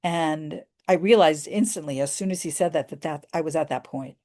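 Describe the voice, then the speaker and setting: A woman's voice: sits low, normal speed, warm tone. A middle-aged woman from the United States telling a personal story in an earnest, emotional way. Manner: earnest and emotional, many restarts.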